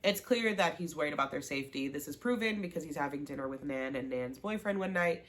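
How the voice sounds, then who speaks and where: Speaking quickly in a low register, a woman who vlogs show recaps walks through a TV season. Her delivery is casual and energetic as she voices the characters' lines and fawns over standout scenes.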